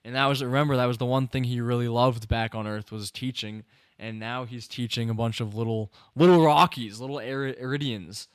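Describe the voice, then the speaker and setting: A man's voice: medium pitch, steady tone, fairly quick, clean tone, dry recording, studio quality. A young man hosting a podcast, chatting casually about a film, rambling with many restarts and fillers and sounding a little tired. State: tired, yawning. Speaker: podcast host. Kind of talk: casual film review chat.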